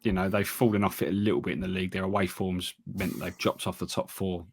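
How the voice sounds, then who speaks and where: A man co-hosting a casual football podcast, talking in a wry, halting way with frequent restarts. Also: low-pitched, little pitch movement, slightly rough. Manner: wry, hesitant, trails off and restarts. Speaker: podcast co-host.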